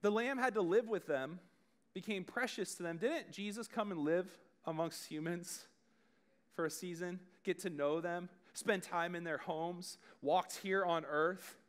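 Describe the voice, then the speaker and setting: A man's voice: sits high, unhurried. A man preaching a youth sermon, talking conversationally and addressing the room directly. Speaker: youth pastor.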